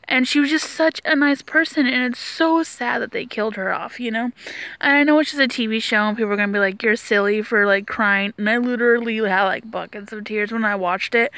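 A woman's voice: fairly high pitch, fairly bright tone, no echo. A young woman vlogger rambling emotionally through a casual TV review, full of "like" and "you know".

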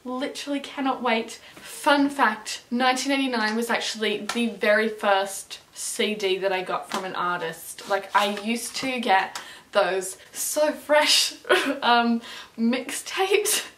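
A young woman with a fairly high voice chats excitedly, gushing and stringing her thoughts together with constant fillers. Her voice bounces around a small echoey room. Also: slow pace, slight background noise. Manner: chatty and gushing, filler-heavy with lots of "like". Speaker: music reaction vlogger. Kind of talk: casual reaction chat.

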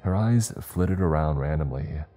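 Very deep-voiced man narrating horror. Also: lively intonation, dark tone. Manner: slow, measured storytelling. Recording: faint background music.

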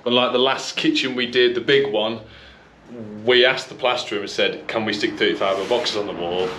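A tradesman with a fairly low voice, talking casually and thinking out loud as he works. The room rings with echo, and a faint noise sits underneath. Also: fairly even intonation, moderate pace. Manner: chatty, thinks aloud, addresses viewers as guys. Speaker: electrician. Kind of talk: casual explaining while working. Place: garage being converted to a kitchen, indoors.

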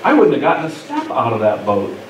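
A man preaching a sermon as pastor, expressive, acting out the lines he quotes. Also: medium pitch, fairly quick. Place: church sanctuary. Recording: echoey church room from far off, faint noise.

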